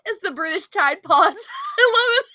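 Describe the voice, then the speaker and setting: A woman's voice: extremely high pitch, wildly swooping pitch, moderate pace, sharp tone, dry recording. An American woman hosting a casual podcast, giggly and silly, laughing often. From United States. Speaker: podcast host.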